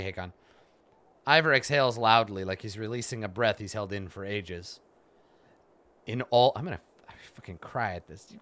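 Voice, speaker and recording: A man reacts to a story game with excitable, loud outbursts and frequent swearing. His voice is bright and forceful, sitting in a lowish register. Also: a little fast, no echo. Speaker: let's play gamer.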